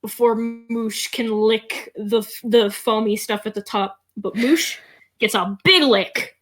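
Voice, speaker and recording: A woman's voice: a little high, takes it slowly. A woman narrating as game master in a playful, giggly way.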